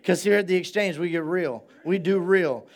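A male pastor preaching a sermon in a relaxed, conversational way, repeating phrases for emphasis and drawing call-and-response from his congregation at a church service. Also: high voice, moderate pace.

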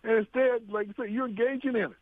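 A man with a notably high voice talks politics on the radio with emphatic rhetorical questions and frequent laughs. The sound is dry and thin, like a phone line. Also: fairly even intonation, fast talker, dry recording. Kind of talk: casual political talk radio chat.

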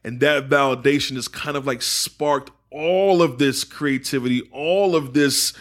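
A man from England with an American accent, a guest telling his story in a relaxed, reflective way and often saying "man". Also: mid-range voice, unhurried. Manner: laid-back, reflective, peppers talk with "man". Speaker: podcast guest, poet and entrepreneur. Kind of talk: casual conversational interview.

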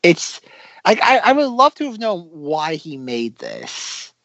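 Brief: animated male film-podcast co-host, slightly high, dry muffled recording. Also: slow, creaky, no room sound. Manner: thoughtful, lively, self-correcting. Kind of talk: casual film review chat.

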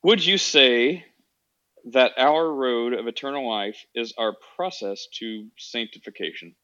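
A man's voice: medium pitch, unhurried, pushed and bright, highs cut off. A man hosting a casual call-in podcast, talking in a rambling way with many fillers and restarts. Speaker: podcast host.

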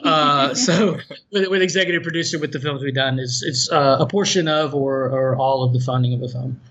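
A man's voice: medium pitch, fairly quick, a bit bright. A man with a North Carolina Southern accent, rambling with many restarts as a film producer guest in a casual podcast chat. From North Carolina, USA. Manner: rambling, stammering restarts, self-deprecating. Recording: dull lo-fi sound.

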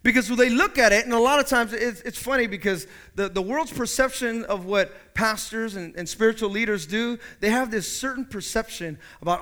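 A man preaching a sermon as pastor in a church, swinging from quiet asides to loud, emphatic peaks. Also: high-pitched.

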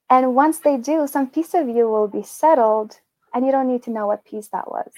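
A woman co-hosting a casual podcast talks in a reflective, candid way, often breaking into a light laugh. Her voice sits a little high. The sound is dry and close to the mic. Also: brisk, mellow, no room sound, low-quality recording.

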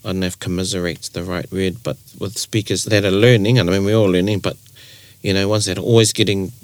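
A man's voice: deep voice, steady tone, fast. A New Zealand man co-hosting a casual language chat, explaining by acting out example phrases. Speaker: te reo Māori podcast co-host. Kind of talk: casual conversational teaching.

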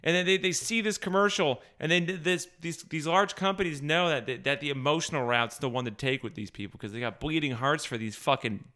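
Exasperated ranting man with a bright voice. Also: fairly high pitch, a little fast, hardly any pauses. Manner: exasperated, sarcastic, swears constantly; stammering restarts when worked up. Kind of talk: profane comic rant.

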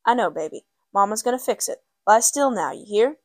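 A woman reading the part of a firm but gentle mother with a bitter edge in an audiobook. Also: on the high side, animated, a little fast, no room sound.

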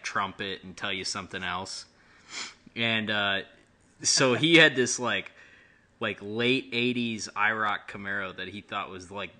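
A man's voice: lowish voice, pushed and bright. A man co-hosting a casual podcast, chatting and telling stories with lots of fillers and easy laughter. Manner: laughs easily, storytelling with many fillers. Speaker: podcast co-host. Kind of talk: casual chat.

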